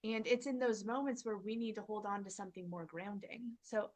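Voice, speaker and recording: A woman's voice: mid-range voice, a little fast, few pauses. A woman hosting a parenting channel, talking earnestly to camera in a casual motivational style and acting out her own inner dialogue.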